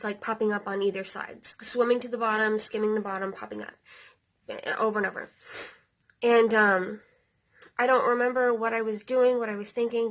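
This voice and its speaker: A woman in her thirties tells a personal story straight to her audience, loose and chatty, with plenty of fillers and the odd curse. Her pitch sits in the middle for a woman. Feeling comes through as the story gets heavier. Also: a bit bright. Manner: casual, lots of fillers like "like" and "um", occasional swearing; emotional, near tears. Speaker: vlogger.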